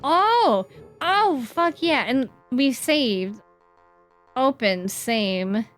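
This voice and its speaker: A woman streamer chatting casually while she plays a game, playful and quick to swear. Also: high voice, expressive, fairly bright tone, soft background music. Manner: playful, swears, reads game dialogue aloud. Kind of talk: casual gaming stream commentary.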